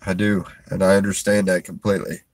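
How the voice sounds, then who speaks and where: A man talking to viewers on a livestream, halting and strained, restarting his sentences and sighing, from a parked vehicle in a store parking lot. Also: low voice, level tone, no echo. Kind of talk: emotional livestream talk to viewers.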